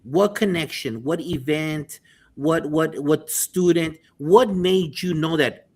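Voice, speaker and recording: A man hosting a panel show, playful and full of hype, with sing-song shout-outs to viewers. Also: a little high, unhurried, gravelly. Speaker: host.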